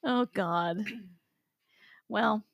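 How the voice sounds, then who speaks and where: A woman's voice: medium pitch, very slow, vocal fry, no echo, lo-fi sound. A young woman co-hosting a podcast as a hair stylist, chatting casually, laughing often and speaking bluntly. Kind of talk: casual chat.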